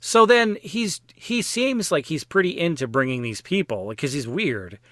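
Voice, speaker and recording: A man's voice: fairly high pitch, lively intonation, moderate pace, sharp tone, no room sound, studio quality. A man chatting casually and wryly about a film on a podcast, with plenty of fillers. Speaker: podcast guest or co-host.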